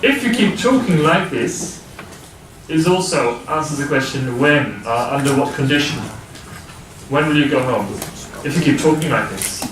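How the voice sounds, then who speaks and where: A man's voice: medium pitch, expressive, moderate pace. A man lecturing a class, explaining step by step and checking that students follow. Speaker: university lecturer. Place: lecture hall. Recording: distant voice in a noisy, echoey lecture hall.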